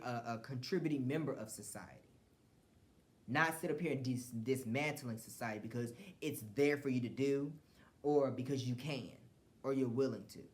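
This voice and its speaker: A man from the United States hosting a solo podcast, giving blunt, profane commentary with frequent restarts. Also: medium pitch. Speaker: podcast host.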